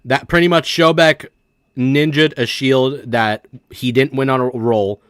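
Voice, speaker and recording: A young man livestreaming a game, talking casually and excitably, laughing a lot and swearing freely. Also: mid-range voice, measured pace, clear, resonant tone, no room sound, clean studio sound. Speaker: streamer. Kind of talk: casual live-stream reaction commentary.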